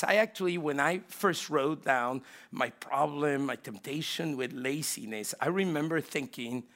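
A middle-aged pastor preaching with a high, bright voice that carries a gravelly edge. He tells stories animatedly, jumping from loud bursts to hushed, close asides. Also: expressive, moderate pace. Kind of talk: sermon.

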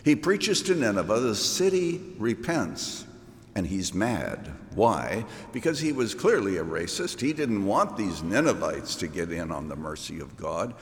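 A man's voice: medium pitch, sing-song, measured pace. A man preaching a sermon, retelling a Bible story and stretching key words out for emphasis. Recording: reverberant hall.

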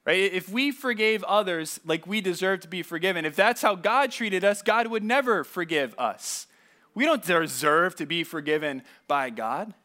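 Bright, high-voiced male pastor. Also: animated, normal speed. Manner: casual storytelling with asides and repeated words. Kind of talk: conversational sermon.

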